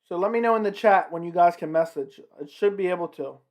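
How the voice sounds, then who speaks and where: Guy with a high voice doing casual fight commentary on his stream, chatty, reacting to chat. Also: fast talker, a little mellow. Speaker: livestream host.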